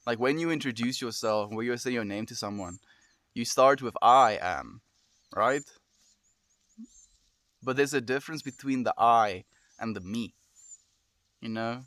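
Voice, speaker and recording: A man's voice: mid-range voice, measured pace, long pauses, a bit bright, no room sound. A young man streaming, chatting with his viewers in an earnest, heartfelt, rambling way, sighing often. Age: young adult. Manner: earnest, heartfelt and rambling, full of sighs and "dude". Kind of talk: casual chat with viewers.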